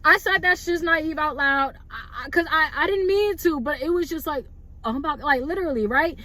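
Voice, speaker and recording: A woman's voice: sits high, normal speed, a little hiss or hum. A young woman vlogger telling a personal story in a casual, rambling way, full of "like" and "bro". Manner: rambling, animated, lots of "like" and "bro".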